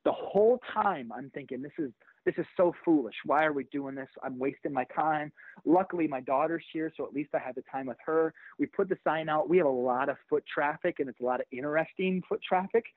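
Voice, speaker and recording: A middle-aged man, a pastor and author, telling a personal story in an interview with animated energy, acting out the voices of the people in it. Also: a little high, fairly quick, dry recording. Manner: animated, acts out quoted voices. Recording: tinny phone-like line.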